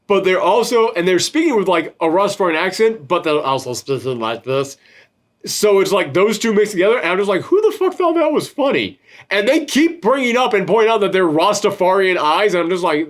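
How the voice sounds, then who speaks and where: Animated man chatting about a film. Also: fairly high pitch. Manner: animated, rambling, swears casually. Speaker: podcast host reviewing a film. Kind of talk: casual chat.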